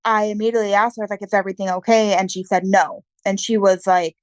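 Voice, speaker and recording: A woman's voice: mid-range voice, fairly even intonation, very fast, no room sound. A woman telling her story as an interview guest, in plain, earnest, casual talk with some fillers.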